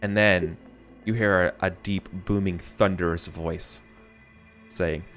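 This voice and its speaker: A man narrating a tabletop game as game master, halting with many fillers. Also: sits low, fairly even intonation, fairly bright tone, faint music behind.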